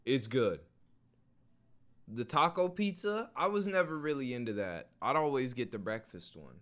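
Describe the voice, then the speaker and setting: A man's voice: mid-range voice, very animated, normal speed, a bit bright. A man streaming casual reactions, joking and swearing loosely as he talks to his chat. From Minnesota.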